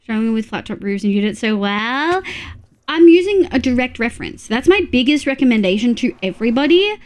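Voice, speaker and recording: A young woman chatting casually on a live game stream, bubbly and quick to laugh as she reads her chat aloud. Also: fairly high pitch, big pitch swings. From Australia. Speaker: VTuber streamer.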